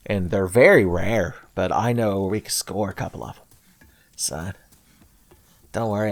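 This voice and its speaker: A man's voice: fairly low pitch, dry recording. A man narrating a Let's Play, sarcastic and profane, with frequent jokes aimed at his viewers. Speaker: gameplay commentator.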